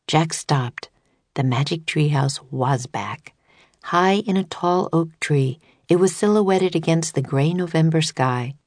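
Woman reading a kids' book aloud, lowish voice, dry close sound, soft music under. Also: no room sound. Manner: slow, even, deliberate. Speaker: audiobook narrator. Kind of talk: scripted narration.

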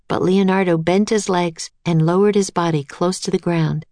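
A woman reads a children's chapter book aloud with steady, clear narration. Her voice sits a bit low for a woman, and the recording is dry and close with no room echo. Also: normal speed. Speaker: storybook narrator.

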